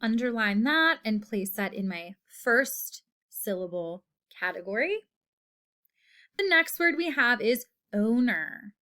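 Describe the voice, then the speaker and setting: A woman teacher giving a recorded phonics lesson to children, slowly drawing out each word for them to hear. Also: fairly high pitch, lively intonation, sharp tone. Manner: slow, patient, drawn-out word modeling.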